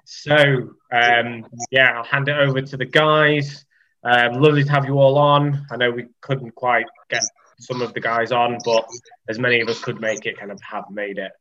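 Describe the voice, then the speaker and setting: A man's voice: mid-range voice, steady tone, moderate pace, bright, forceful tone, muffled recording, a little hiss or hum. A man hosting a casual podcast chat over a video call, joking and laughing often. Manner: chatty, jokey, laughs often. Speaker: podcast host.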